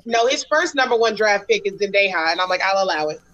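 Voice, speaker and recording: A woman's voice: mid-range voice, lively intonation, a little fast, a bit bright, dull audio. Blunt, profane woman chatting. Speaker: podcast co-host. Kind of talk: casual chat.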